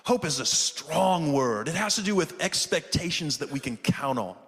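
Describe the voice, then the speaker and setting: A man's voice: a little high, expressive, normal speed. Reverberant man preaching a sermon. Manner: conversational, call-and-response with the congregation. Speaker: pastor. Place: church sanctuary, also streamed online.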